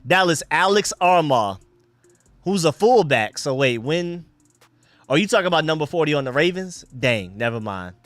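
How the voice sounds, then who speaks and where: A man hosting a casual live football stream, chatting excitedly with viewers and reacting to plays. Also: on the high side, moderate pace, no echo. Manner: excited, chatty, talks to chat and his dogs. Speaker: livestream host.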